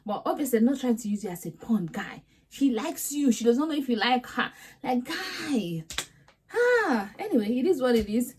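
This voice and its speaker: A woman's voice: fairly high pitch, very animated, fairly quick, few pauses, darkish tone, a little hiss or hum. A young woman, recapping reality TV in a sassy, exasperated, chatty vlog. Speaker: vlogger host.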